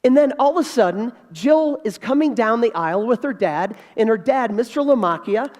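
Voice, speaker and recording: A man of about fifty giving a keynote speech as an animated storyteller who repeats key phrases for emphasis. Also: very high-pitched, normal speed. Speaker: keynote speaker. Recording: reverberant hall.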